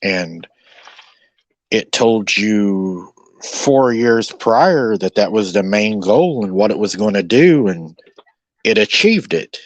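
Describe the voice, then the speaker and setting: A man hosting a podcast in casual conversation, musing out loud and acting out quoted lines as he speculates. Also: lowish voice, lively intonation, takes it slowly, no echo. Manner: speculative, acts out quoted dialogue. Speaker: podcast host.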